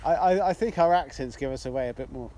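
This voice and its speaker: A man's voice: mid-range voice, fast talker, dark tone. A man with a southern English accent, co-hosting a podcast outdoors, chatting in a sweary, laughing way. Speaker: podcast co-host. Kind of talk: casual chat. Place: outdoors in the evening.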